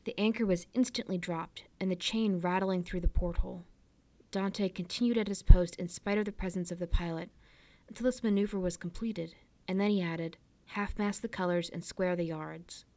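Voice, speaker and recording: A woman reading a classic novel aloud for a library storytime, with measured, clear narration. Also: medium pitch, steady tone, darkish tone, no echo.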